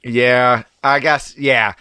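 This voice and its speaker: A man's voice: medium pitch, steady tone, extremely slow, sharp tone, clear, resonant tone, no echo, studio quality. A man co-hosting a podcast, chatting in a self-mocking way with lots of "you know". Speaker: podcast co-host. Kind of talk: casual podcast chat.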